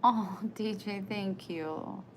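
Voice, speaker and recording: A woman's voice: mid-range voice, slow, slight background noise, rough recording. A woman livestreaming, chatting with her viewers in a tender, emotional, rambling way. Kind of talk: casual live chat.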